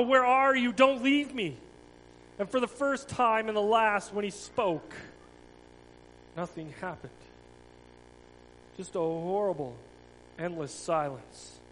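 A man reading a children's Bible story aloud to a congregation with dramatic, expressive delivery. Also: high voice. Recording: long hall reverb, faint hum.

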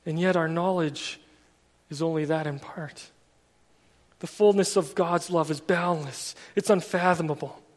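A man's voice: on the high side, steady tone, a little slow. A man preaching a sermon in a casual, storytelling way, full of everyday fillers. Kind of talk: conversational sermon. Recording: long reverb of a large hall.

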